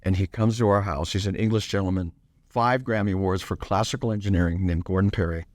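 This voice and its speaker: An older man, a musician guest in an interview, telling stories in an easygoing, rambling way. He pauses and restarts often. His voice sits fairly low and sounds dry and close. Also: fairly even intonation, a little mellow, dry recording. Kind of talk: relaxed interview storytelling.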